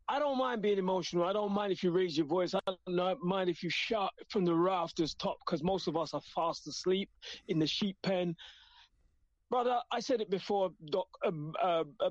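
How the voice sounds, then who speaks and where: A man's voice: high voice, no room sound. A man calling in to a radio talk show, speaking with emotion and preacherly passion. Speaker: radio caller. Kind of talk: call-in radio discussion. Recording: dull phone line.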